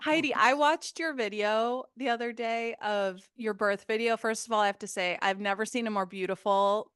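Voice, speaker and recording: A woman co-hosts a podcast with a fairly high voice. Her recording is dry and close. She gushes and tells stories in an animated way. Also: normal speed, clear, resonant tone, dry recording. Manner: gushing, animated storytelling. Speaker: podcast co-host. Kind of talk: conversational interview.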